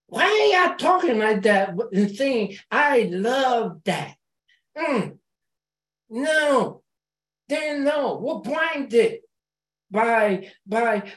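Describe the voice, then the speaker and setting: Slow, halting woman in a roomy hall. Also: on the low side. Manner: halting, repeats words on restarts; warm, encouraging. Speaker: recovery meeting member. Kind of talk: sharing at a support group meeting.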